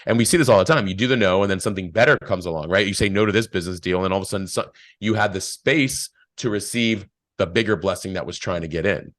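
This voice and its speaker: A man's voice: deep voice, fast talker, a bit bright, no echo, studio quality. A man speaking as a podcast guest, giving earnest spiritual life advice in a rambling, storytelling way. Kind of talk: casual spiritual advice chat.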